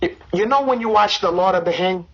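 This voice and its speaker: Brief: man voicing a husky, deadpan Brazilian fighter host, heavy Brazilian Portuguese accent, crude and boastful, broken English. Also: high-pitched, fairly quick, muffled recording, heavily acted. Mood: brash. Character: brash, crude Brazilian jiu-jitsu champion man. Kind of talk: comic improvised podcast chat.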